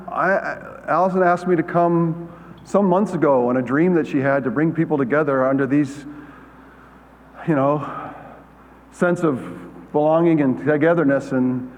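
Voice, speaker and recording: A man in his sixties from the United States, giving a conference keynote as a halting, self-deprecating storyteller with many fillers and restarts. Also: on the high side. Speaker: keynote speaker. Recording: muffled sound with long hall reverb.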